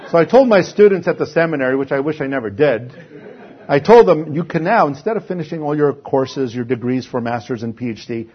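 A male pastor from Canada preaching with fervor, his voice a bit husky and set somewhat high. He drops into mocking impressions and swells to emphatic peaks. The recording sounds dull and lo-fi. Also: lively intonation, fairly quick. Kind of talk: sermon.

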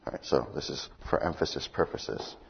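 A man leads a Bible study in a very deep, husky voice. He talks conversationally and keeps checking in with his listeners. The recording sounds muffled and low-fidelity. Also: moderate pace. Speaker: preacher.

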